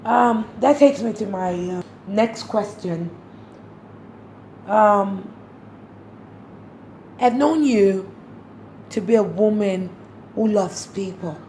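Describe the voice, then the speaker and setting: Woman talk-show host, unhurried delivery, measured questions, roomy sound with faint noise. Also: mid-range voice, warm tone. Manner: slow, measured questions with fillers. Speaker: interview host. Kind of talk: interview questions.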